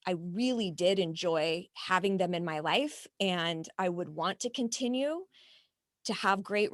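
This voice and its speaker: A woman's voice: medium pitch, no room sound. Earnest woman coaching, dry close sound. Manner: earnest, explains with acted-out example dialogue. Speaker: podcast guest, life coach and hypnotherapist. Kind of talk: conversational podcast interview.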